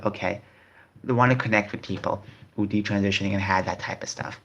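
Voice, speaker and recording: Male vlogger, slightly low voice, rambling casual commentary, repeats himself. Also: fairly even intonation, fairly quick, a bit bright. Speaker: video host. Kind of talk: casual commentary reading online posts.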